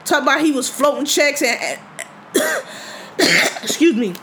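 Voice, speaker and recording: Woman, high voice, indignant casual podcast host, faint background hum. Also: sing-song, a little slow, a bit bright. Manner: indignant, profane storytelling.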